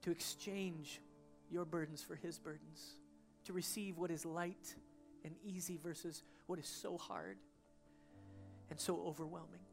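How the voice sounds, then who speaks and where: A woman preaching a sermon as pastor, swinging from soaring proclamation to hushed, intimate prayer at a church service. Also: lowish voice, fairly even intonation, a little slow, soft background music.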